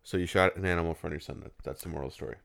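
A man's voice: sits low, very fast, vocal fry, fairly bright tone. A man co-hosting a gaming podcast, chiming in with dry jokes and short questions in casual chat. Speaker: podcast co-host.

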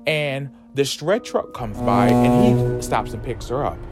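A man hosting a podcast, retelling a horror story in a sassy, slangy, campy comedic way. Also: a little slow. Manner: sassy, animated, slangy storytelling with lively swoops in pitch. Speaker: podcast host retelling a comic book story. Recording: music playing under the voice. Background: background music.

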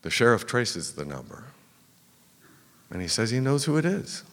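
A man's voice: mid-range voice, huge pitch swings, normal speed, a bit bright. A man telling a true story to a live audience, dramatic and first-person. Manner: dramatic first-person telling, drops to a whisper at tense moments. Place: stage in a theater. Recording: long reverb of a live theater hall.

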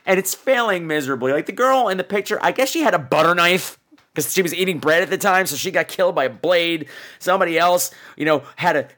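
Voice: mid-range voice, fairly bright tone. A podcast host giving a casual movie review in a sarcastic, exasperated rant.

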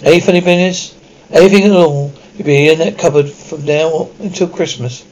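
Gruff bullying uncle read by a man, threatening, slightly high voice; audiobook. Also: brisk, darkish tone, natural voice, low-quality recording. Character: gruff overbearing middle-aged uncle.

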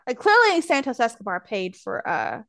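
A woman's voice: a little high, wildly swooping pitch, moderate pace, fairly bright tone, no echo. A woman co-hosting a casual chat, telling a story in a chatty way, saying "like" a lot and laughing as she goes. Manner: chatty, lots of "like", laughs while telling stories. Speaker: podcast co-host.

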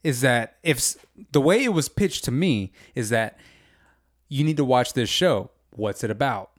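A man's voice: medium pitch, animated, normal speed, no room sound, clean studio sound. A man chatting casually about a TV show, laid-back, saying "dude" and "man" and swearing freely. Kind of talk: casual chat.

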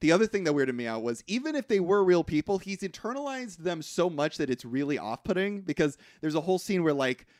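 Man, podcast co-host, lively pitch, dry close mic, casual film recap, hedging. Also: brisk, few pauses, dry recording. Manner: animated retelling with acted-out quotes, frequent hedging. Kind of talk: casual chat.

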